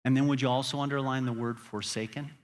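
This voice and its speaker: A man's voice: mid-range voice, steady tone, fast. A man preaching a sermon as pastor, earnest and building to emphatic peaks.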